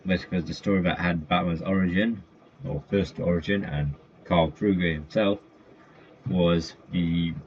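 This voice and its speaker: A man's voice: deep voice, fairly even intonation, measured pace. A man in casual commentary running through a list of comic villains, rambling with fillers and self-corrections. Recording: dull lo-fi mic with faint noise.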